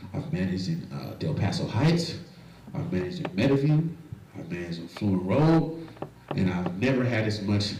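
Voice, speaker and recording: A man's voice: on the low side, a little mellow, a little hiss or hum. A male stand-up comedian on a club stage, telling loose, profane stories with plenty of animation. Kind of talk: stand-up storytelling. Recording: echoey club, mic far off, crowd.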